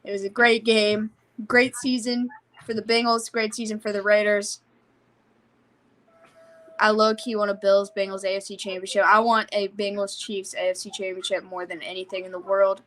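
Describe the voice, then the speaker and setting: A young woman hosts a casual livestream from home, speaking into a desktop mic in a mid-range voice. She's excited and rambling, laughing often.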